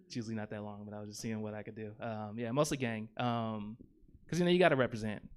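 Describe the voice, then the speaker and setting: A man's voice: lowish voice, steady tone, fast talker. A man in his thirties performs stand-up on a comedy theater stage, speaking into a handheld mic. His delivery rambles, with constant ums and likes and self-mocking asides about his own long setups. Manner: rambling, filler-heavy, self-deprecating.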